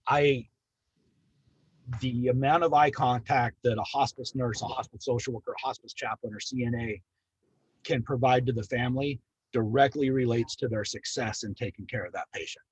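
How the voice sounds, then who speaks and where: A middle-aged man training hospice staff, talking calmly and steadily, with frequent ums. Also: medium pitch, husky, no room sound, poor audio. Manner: calm, measured, with frequent ums.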